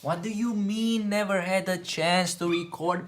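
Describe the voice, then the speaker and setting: A man's voice: sits high, level tone, moderate pace, hardly any pauses, fairly bright tone. A man talking to himself while editing video, muttering and swearing in exasperation. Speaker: video editor streaming his work.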